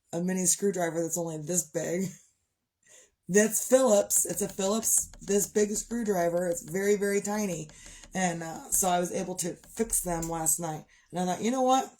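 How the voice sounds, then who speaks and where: A woman's voice: fairly low pitch, dark tone. A middle-aged woman chatting casually on a livestream, tired, rambling and sighing as she talks. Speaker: livestream host. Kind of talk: casual chat.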